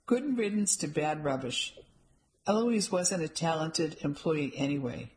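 A woman's voice: deep voice, expressive, a little slow, a little mellow, low-quality recording. Woman reading as an indignant, gossipy shop owner who plows ahead, audiobook dialogue.

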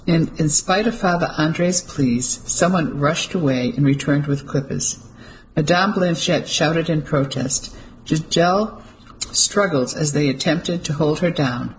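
An audiobook narrator reading a novel in steady, clear storytelling. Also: medium pitch, measured pace, a little hiss or hum, poor audio. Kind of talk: scripted narration.

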